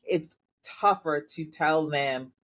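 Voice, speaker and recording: Middle-aged woman, podcast co-host, low voice, measured, candid chat. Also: a bit bright. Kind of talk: casual chat.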